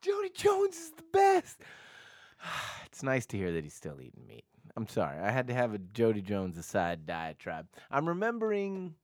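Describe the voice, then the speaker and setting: A man's voice: medium pitch, normal speed, dry recording, clean studio sound. A man co-hosting a podcast, telling stories in casual chat, acting out voices and laughing often. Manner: animated storyteller, acts out voices and laughs often. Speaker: podcast co-host.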